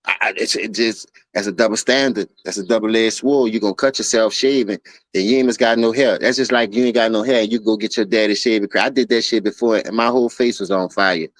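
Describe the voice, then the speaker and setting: Speaking fairly quickly in a steady, low-leaning voice, this self-described OG runs a casual livestream about basketball debates. He spins loose, profane stories packed with slang and keeps dropping "you feel me." The recording is dry.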